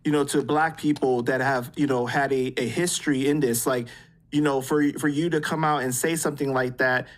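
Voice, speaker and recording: A man's voice: medium pitch, fairly even intonation, fairly quick. A man asking interview questions hesitantly, leaning on lots of fillers.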